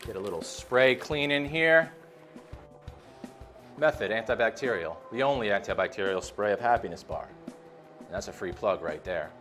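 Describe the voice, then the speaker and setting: With a lowish, lively, slightly bright voice, a bartender talks at a moderate pace, leaving long pauses, as faint music plays. He makes a cocktail in a casual demo, laid-back and chatty, often saying "man."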